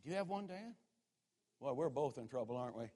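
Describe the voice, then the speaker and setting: A man, preaching a sermon and telling stories dramatically, dropping to a hush and then rising to a shout. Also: mid-range voice, animated, fast. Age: 60s. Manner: dramatic, swings from hushed to shouting. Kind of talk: sermon with storytelling.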